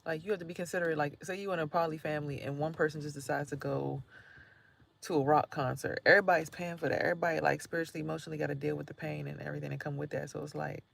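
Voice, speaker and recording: A woman vlogging in a chatty, slangy way, laughing often and swinging between loud remarks and hushed asides. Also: sits low, fairly even intonation, very fast, gravelly. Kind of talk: casual spiritual vlog monologue.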